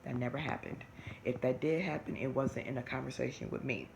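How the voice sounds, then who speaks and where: A woman's voice: a bass voice, gravelly. A woman, chatting animatedly to camera and often restarting her sentences. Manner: animated, talks fast with many restarts. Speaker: vlogger. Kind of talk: casual chat to camera. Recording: noisy home recording.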